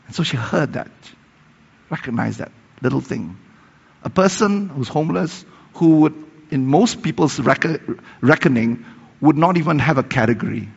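A gravelly, husky male preacher with a slightly high voice tells a story in his sermon at normal speed, animated as he rises to emphatic peaks and drops to hushed passages. Long reverb fills the large hall, and the recording is dull and lo-fi.

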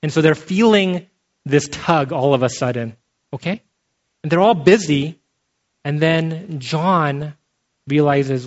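Speaking a little high for a man, a pastor gives an easygoing, talky sermon and often stops to ask "okay?" to see if his audience is following. The sound quality is muffled and lo-fi.

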